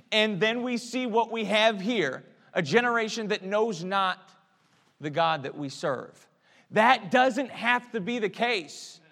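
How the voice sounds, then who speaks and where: A man preaching a sermon, swinging from hushed, quiet prayer to loud, emphatic exhortation. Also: high voice. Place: church sanctuary. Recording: long church reverb.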